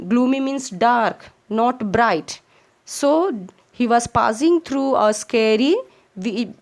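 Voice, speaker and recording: A woman's voice: on the high side, darkish tone. A woman teacher with an Indian English accent who reads a textbook chapter aloud and explains it to children, repeating phrases and defining words as she goes.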